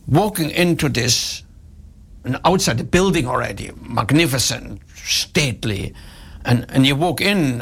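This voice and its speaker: A man's voice: on the high side, vocal fry, breathy edge. A man giving a storytelling talk on customer service, emphatic and repeating his key points.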